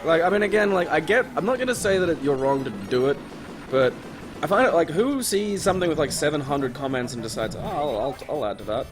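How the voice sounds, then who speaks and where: A man's voice: a little high, animated, fast talker, music in the background. A young man chatting casually on a game stream, rambling and self-deprecating with many restarts. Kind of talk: casual chat.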